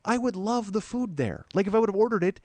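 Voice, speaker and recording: A quick-talking man with a slightly higher voice rants through a profane, self-mocking comedy monologue. He calls his listeners folks. The sound is close and dry. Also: animated, a little mellow, no room sound. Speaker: podcast host and comedian.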